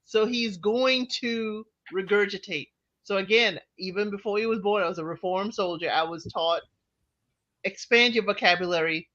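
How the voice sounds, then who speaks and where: A man with a high, bright voice co-hosts a relaxed podcast conversation, speaking in a measured, reflective way. His audio sounds dull and lo-fi, as if coming through a remote connection. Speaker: podcast co-host. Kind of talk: casual chat.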